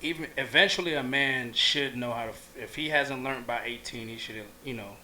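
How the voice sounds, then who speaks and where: Radio guy, very bright sharp voice, laid-back slangy advice, roomy room. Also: mid-range voice, fairly quick, a little hiss or hum. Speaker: radio co-host. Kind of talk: casual radio chat.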